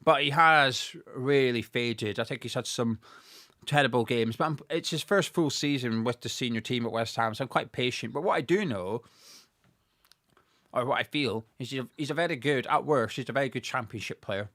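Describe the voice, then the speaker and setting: A man hosting a casual fan chat, reading viewer comments aloud in a measured way with some hesitant fillers. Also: medium pitch, a bit bright, dry recording, studio quality. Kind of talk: casual live watch-along chat.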